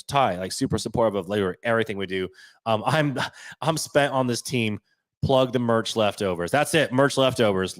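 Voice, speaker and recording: A man co-hosting a sports podcast, ranting bluntly and casually with lots of swearing and rambling asides. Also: lowish voice. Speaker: podcast co-host.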